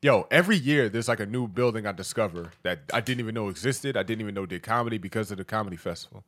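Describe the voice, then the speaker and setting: Quick, hyped man, slangy podcast co-host, rapid delivery. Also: lowish voice. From Baltimore. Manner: fast, excitable, slangy. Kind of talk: casual podcast chat.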